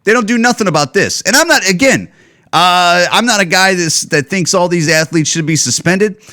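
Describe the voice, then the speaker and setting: A man hosting his own podcast, ranting casually and sarcastically with plenty of swearing and loud, higher outbursts when he gets worked up. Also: lively intonation, normal speed. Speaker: podcast host. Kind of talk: casual solo podcast rant.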